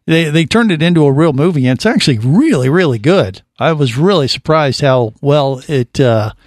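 A man's voice: a little high, animated, normal speed, dry recording. A man hosting a radio show, chatting in a casual, rambling and joking way in a studio. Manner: jokey, rambling banter.

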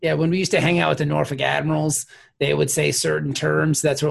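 A man talking in relaxed, jokey podcast banter. His voice is deeply gravelly and husky, sitting a touch higher than most men's. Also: brisk. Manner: jokey, slips into mock Canadian accent. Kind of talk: casual chat.

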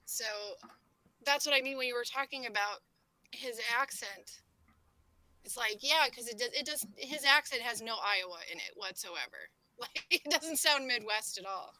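A woman co-hosting a casual chat, talking in quick, chatty asides. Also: a little high, pushed and bright, low-quality recording.

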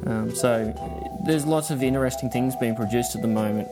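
A man with an Australian accent, a podcast listener answering interview questions in a measured, thoughtful way with frequent ums. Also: medium pitch, over loud music.

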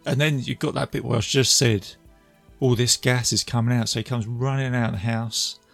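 Gravelly man recapping a film. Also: medium pitch, fairly even intonation, moderate pace, fairly bright tone, faint music behind. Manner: chatty, laughs while retelling scenes. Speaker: film reviewer.

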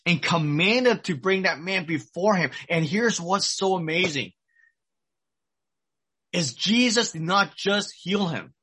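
A man's voice: high-pitched, bright, forceful tone, slightly rough. A middle-aged man preaching a sermon, retelling a story earnestly and repeating his key points. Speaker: pastor.

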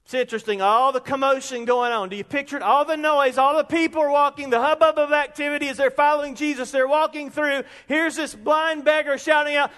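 A man, preaching an animated sermon that rises into shouts. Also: extremely high pitch, brisk, hardly any pauses. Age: 50s. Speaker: pastor. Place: church sanctuary. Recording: long reverb of a large hall.

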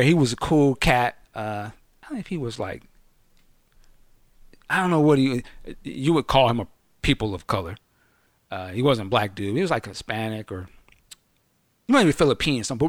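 A middle-aged man telling a story in casual podcast chat, slangy and swearing, acting out the quotes loudly. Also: mid-range voice, no echo, studio quality.

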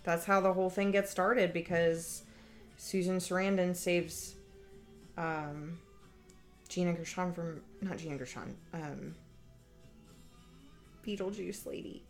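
A woman's voice: lowish voice, fairly even intonation, takes it slowly, pauses often, soft background music. A woman giving casual, blunt and sarcastic commentary while watching a movie. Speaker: podcast guest.

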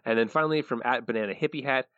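A man's voice: mid-range voice, rapid-fire, a bit bright, no room sound, muffled recording. A man co-hosting a podcast, casually chatting and reading out listener messages while laughing often. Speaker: podcast co-host. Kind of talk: casual chat.

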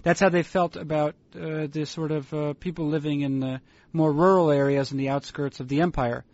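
Man, casual co-host, slightly high pitch, halting, self-amused, dry muffled recording. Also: fairly even intonation, a little mellow, no echo. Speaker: podcast co-host. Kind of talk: casual chat.

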